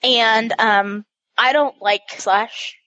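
Brief: female podcast co-host, slightly high, self-deprecating, eager, dry close mic. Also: steady tone, very slow, bright, forceful tone, no room sound, dull audio. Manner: self-mocking, enthusiastic recommendations. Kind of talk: casual podcast chat.

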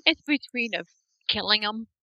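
A woman in casual chat venting as a mother, with an exasperated edge. Her bright voice swings widely in pitch as she acts out quotes. The recording sounds dull and lo-fi. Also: dry recording. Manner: exasperated venting, lively quoting. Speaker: parent.

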